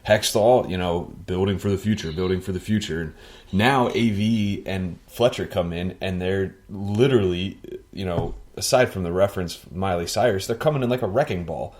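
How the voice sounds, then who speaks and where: A man co-hosting a casual sports podcast, talking in an animated, joking way. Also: deep voice, normal speed.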